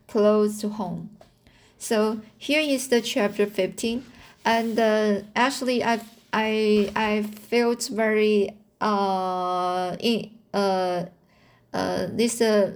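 A woman reading a novel aloud and commenting on it, slow and halting, with frequent restarts and fillers. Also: mid-range voice, a little mellow. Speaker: reader.

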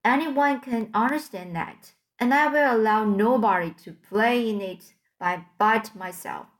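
A selfish storybook giant barks at children to keep out of his garden, as a woman reads him aloud. The voice is gruff and loud, with words repeated in a bossy rush. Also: on the high side, a little slow, lightly acted.

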